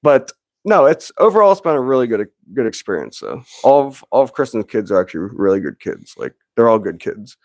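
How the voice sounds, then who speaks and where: A man's voice: medium pitch, sing-song, a little fast, no echo. Chatty man in his thirties, dry sound. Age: 30s. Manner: rambling, laughs often, acts out quotes. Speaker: podcast host. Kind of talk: casual chat.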